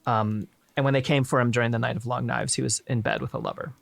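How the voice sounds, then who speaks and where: A man hosts a relaxed history chat with a gravelly, creaky voice. He swears freely and throws in wry asides, recorded dry and close with mid-range pitch. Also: quick pace, no room sound. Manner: irreverent, profane, joking asides. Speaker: stream host. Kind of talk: casual history chat on a live stream.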